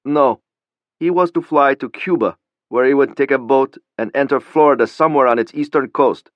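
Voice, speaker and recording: A man's voice: mid-range voice, normal speed, no room sound, voice pushed up, close to an everyday voice. A man voicing a frightened young computer operative who answers in a shaky, trembling voice. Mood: nervous. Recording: dull lo-fi, dry.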